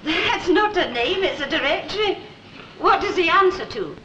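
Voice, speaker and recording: An actress playing a sweet, gently teasing office secretary in a 1960s British sitcom. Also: female voice, very high voice, lively intonation, normal speed, echoey room, highs cut off, a little hiss or hum, heavily acted. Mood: sympathetic. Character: kindly young office secretary. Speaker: Miss Sinclair, office secretary.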